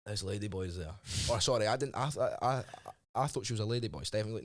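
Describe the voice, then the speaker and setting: A man's voice: on the low side, expressive, fast. Brash Scottish man trash-talking. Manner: brash, jokey trash talk. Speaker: guest fighter. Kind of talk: casual podcast chat. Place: podcast studio.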